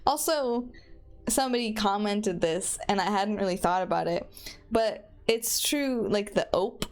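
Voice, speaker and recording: A woman's voice: mid-range voice, unhurried, a little mellow. A young woman from Michigan with a Michigan accent, chatting casually while streaming a game and rambling about how she pronounces words. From Michigan, USA. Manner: rambling and chatty, plays with her own pronunciation. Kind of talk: casual chat while gaming.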